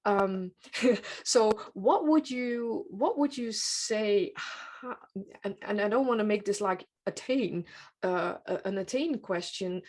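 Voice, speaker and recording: Woman, podcast host, mid-pitched voice, reflective, searching for words, laughs often. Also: slow, darkish tone. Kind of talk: conversational interview.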